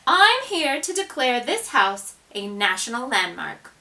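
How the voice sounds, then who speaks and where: A woman's voice: a little high, sing-song, unhurried, sharp tone, recorded from a distance, pitched above the performer's own voice, full character voice. A woman voicing a stately female president making a formal announcement in a storybook. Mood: proud.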